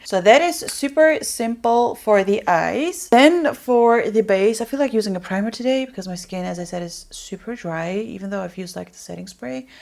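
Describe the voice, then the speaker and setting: A woman chatting casually through a makeup tutorial, rambling on and dropping soft muttered asides. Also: fairly low pitch, creaky. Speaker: beauty vlogger.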